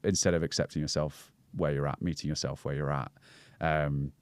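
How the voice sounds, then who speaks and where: Deep-voiced Scouse man explaining calmly. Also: brisk, no echo. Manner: reflective, explanatory, many fillers and restarts. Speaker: podcast guest, breathwork coach. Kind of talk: casual podcast conversation.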